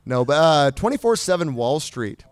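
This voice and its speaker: A man's voice: fairly high pitch, big pitch swings, normal speed, clear, resonant tone, no room sound. Male podcast host, clean resonant voice, dry studio, chatty numbers reader. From California. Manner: reads stats with fillers and laughs. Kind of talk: casual chat.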